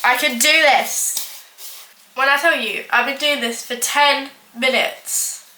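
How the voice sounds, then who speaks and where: A woman's voice: high voice, steady tone, takes it slowly, pushed and bright, slight background noise. A young woman chatting casually while baking in her kitchen, rambling and self-mocking, with plenty of filler words. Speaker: baking vlogger. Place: home kitchen. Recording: echoey kitchen with clattering dishes.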